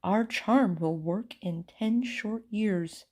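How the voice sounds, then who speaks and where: A man's voice: high-pitched, darkish tone, heavily acted. A woman chanting as mysterious storybook magicians. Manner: slow, sing-song incantation. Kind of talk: storybook read-aloud.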